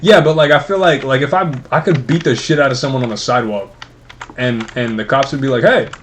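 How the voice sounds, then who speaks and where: A man's voice: mid-range voice, fast talker, slight background noise. A young man co-hosting a casual podcast, telling rambling, profane stories between games. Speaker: podcast co-host. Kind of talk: casual chat while gaming.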